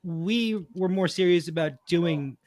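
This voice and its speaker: A man co-hosting a podcast in relaxed, casual chat, looking back on events. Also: sits high, a little slow, no room sound. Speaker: podcast co-host.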